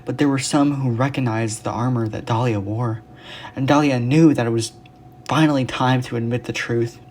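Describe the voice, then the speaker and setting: A storyteller narrating a dark fantasy tale in an earnest, even manner. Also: medium pitch, moderate pace.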